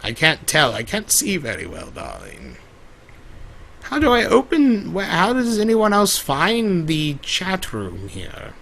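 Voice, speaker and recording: A man voices Discord, the vain, theatrical chaos spirit who calls everyone darling, drawls, and sighs and laments melodramatically, during an improvised in-character Q&A livestream. His pitch sits fairly high with huge swings, he speaks slowly with a creaky, fairly bright tone, and the acting is heavy. He comes across fussy and bewildered.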